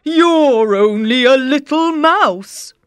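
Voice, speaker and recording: A woman voicing a big, proud but kind male lion in a children's story, speaking loudly and slowly. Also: high voice, expressive, no echo, studio quality. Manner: loud and drawn-out roaring.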